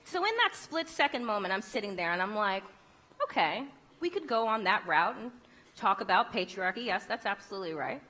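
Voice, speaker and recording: A woman's voice: medium pitch, lively intonation, fairly quick, sharp tone. A woman giving a conference keynote speech, emphatic and rhetorical, with wry humor. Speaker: keynote speaker.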